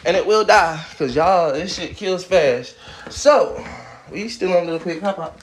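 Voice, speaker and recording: A man's voice: high-pitched, expressive, measured pace, background noise. Casual man, phone livestream at home, loose profane storytelling with chatter. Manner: rambling, profane, laughing asides. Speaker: livestream host reading a storybook. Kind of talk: casual livestream read-aloud with commentary. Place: at home, moving from outdoors to his room.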